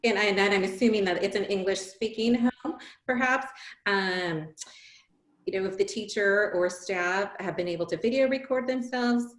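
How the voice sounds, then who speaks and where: Woman presenter, animated Q&A delivery with acted-out examples, roomy echoey sound. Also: mid-range voice, moderate pace. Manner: animated, acts out examples in lively voices. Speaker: webinar presenter. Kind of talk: webinar Q&A answers. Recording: roomy echo.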